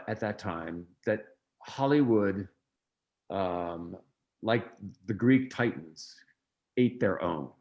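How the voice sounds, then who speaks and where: Low gravelly man telling family stories. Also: muffled recording. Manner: anecdotal, acts out quoted voices, frequent ums and restarts. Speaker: interview guest, film producer. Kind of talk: storytelling in a conversational interview.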